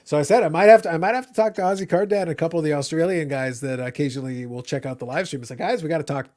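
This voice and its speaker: A man from Canada hosting a casual livestream, ranting in animated bursts and cursing freely. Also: on the high side, very fast. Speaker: livestream host. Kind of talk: casual chat.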